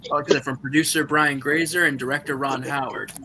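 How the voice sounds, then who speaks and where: A man's voice: fairly high pitch, little pitch movement, brisk, background noise. A man in a casual online group chat, eagerly rattling off movie trivia over a voice call. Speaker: guest on a birthday stream.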